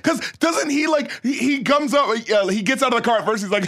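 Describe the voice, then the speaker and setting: A man's voice: very high-pitched, quick pace, hardly any pauses, bright, forceful tone. A man in a casual film discussion, ranting animatedly with profanity and mockery.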